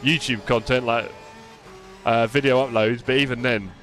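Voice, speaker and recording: A man's voice: medium pitch, fairly even intonation, normal speed, a bit bright, soft background music. A young man live-streaming a racing game, chatting casually and answering his viewers by name with self-deprecating humor.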